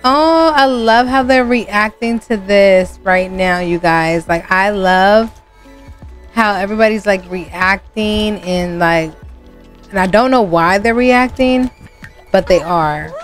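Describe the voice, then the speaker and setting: A woman hosting a gaming channel, narrating her gameplay casually to viewers with sudden high exclamations. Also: takes it slowly, faint music behind.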